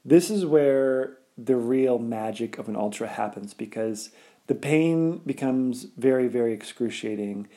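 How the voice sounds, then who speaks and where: Young adult man, easygoing storyteller, mellow middle-pitched voice, rambling chatty delivery. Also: measured pace. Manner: rambling, laid-back, heavy use of filler words. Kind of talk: casual personal storytelling.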